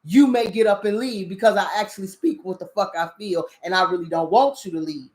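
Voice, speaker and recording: A woman with a medium-pitched, darkish voice hosts a spiritual talk show, speaking briskly. Her casual spiritual commentary is blunt and loaded with profanity, and she keeps asking, "you understand?"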